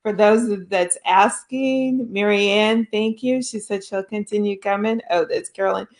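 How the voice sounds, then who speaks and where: A woman hosting a casual interview, chatty and quick to laugh. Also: medium pitch. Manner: laughs often, relaxed and chatty. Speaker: show host.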